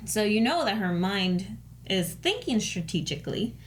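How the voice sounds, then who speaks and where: Lively middle-aged woman chatting. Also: mid-range voice, moderate pace, a little hiss or hum. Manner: chatty, laughs often, animated retellings. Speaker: co-host of a TV reaction show. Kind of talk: casual chat.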